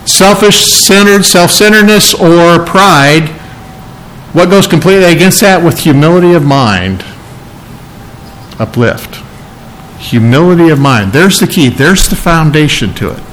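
A man's voice: fairly high pitch, lively intonation, measured pace, fairly bright tone, slight background noise, rough recording. A man preaching a sermon, teaching earnestly and stressing key phrases by repeating them. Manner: earnest, emphatic teaching with repetition. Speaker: pastor.

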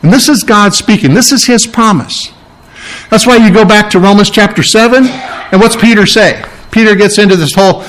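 A man preaching a sermon, emphatic and repetitive, pausing to explain Greek words. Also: high voice, animated, fairly bright tone, rough recording. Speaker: pastor.

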